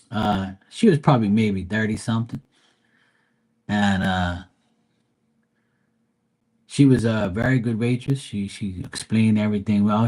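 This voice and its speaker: Male streamer, husky voice, loose profane storyteller. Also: on the low side, a little mellow. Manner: profane, rambling,喜 joking. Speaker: livestream tarot reader. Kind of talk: casual livestream storytelling.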